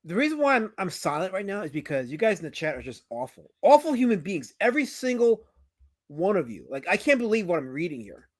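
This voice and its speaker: Male livestream host, casual banter, teasing, somewhat high voice, very lively pitch, loud outbursts. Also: fast, few pauses, dry recording. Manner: animated, teasing, swings between loud outbursts and mumbling.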